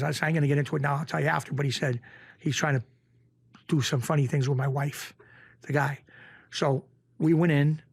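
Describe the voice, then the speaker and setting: A middle-aged man with a Western Massachusetts accent tells stories in a casual interview. He often acts out other people's lines in a raised voice. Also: creaky. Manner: animated, acts out quoted voices in a raised pitch. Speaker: interview guest, former bookmaker.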